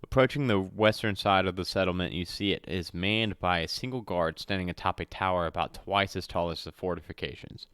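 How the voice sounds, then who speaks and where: A man's voice: sits low, steady tone, a little fast, few pauses, fairly bright tone, clean tone, dry recording, studio quality. A man reading a solo adventure aloud as game master. He stumbles and corrects himself often and drops in chatty asides. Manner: reads with slips and self-corrections, chatty asides.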